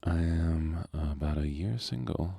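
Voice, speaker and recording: A young man chats with viewers in a slow, hushed ASMR murmur. His voice sits extremely low, husky and gravelly. The sound is dark and dry, pressed close to the microphone. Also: dry recording. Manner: slow, hushed, chuckling replies to chat. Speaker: streamer. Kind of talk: soft-spoken ASMR gaming chat.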